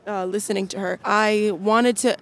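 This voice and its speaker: A woman's voice: medium pitch, steady tone, moderate pace, fairly bright tone. A young adult woman, a singer, talking casually as a guest in a chatty, rambling way with many fillers. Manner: chatty, full of fillers and restarts. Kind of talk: casual chat.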